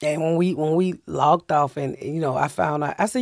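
A woman's voice: low-pitched, moderate pace, gravelly, no room sound, clean studio sound. A middle-aged woman with a Southern US accent, a comedian telling stories in casual talk, swearing freely and acting out what people said. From United States. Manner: profane, animated storyteller acting out quotes. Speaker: comedian guest. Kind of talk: casual storytelling.

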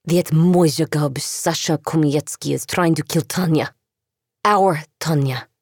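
A woman's voice: sits low, a little slow, darkish tone, dry recording, studio quality. A woman voicing a desperate, fierce young female agent who speaks urgently and sharply.

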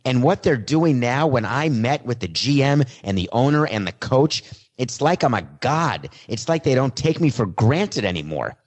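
A blunt star quarterback in his forties holds a mock press conference and says exactly what he feels, as a man puts him on in his own plain voice. The delivery is conversational, with a middle-pitched male voice. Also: animated, normal speed, lightly acted. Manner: plain own voice, no attempt at an impression.

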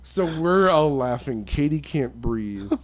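A man's voice: medium pitch, animated, slow pace, a little hiss or hum. A man chatting casually with a friend, telling a funny story and laughing through it. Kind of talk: casual chat.

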